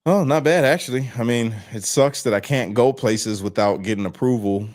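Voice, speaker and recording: A man's voice: mid-range voice, normal speed, a little mellow. A man on parole, speaking as an interview guest over a video call, telling his story in a frank, plain-spoken way and swearing freely. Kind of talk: candid casual storytelling.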